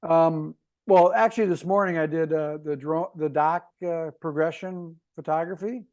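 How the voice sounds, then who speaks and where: High-voiced man, halting podcast chat. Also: fairly even intonation, a little mellow, dull audio. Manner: halting, with many fillers and restarts. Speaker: podcast co-host. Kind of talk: casual chat.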